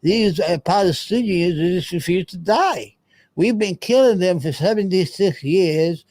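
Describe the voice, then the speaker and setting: A man's voice: high voice, a little slow, a little mellow, no room sound. A man, hosting a casual commentary show and reacting to clips, blunt, profane and digressive.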